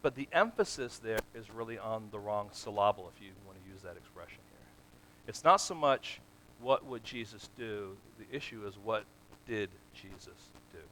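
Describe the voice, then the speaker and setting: A man preaching a sermon, asking the congregation questions and growing louder and more emphatic as he goes. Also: fairly low pitch, expressive, moderate pace, slight background noise, low-quality recording. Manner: asks the congregation questions and answers them; builds from quiet to loud and emphatic.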